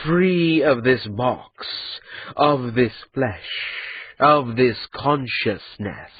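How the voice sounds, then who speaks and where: A cruel captive spirit , put on by a male narrator, drawls each word slowly and softly, calm and amused. The voice is a little husky, and the recording is dry and dull. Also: mid-range voice, no echo. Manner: slow, calm, mocking drawl.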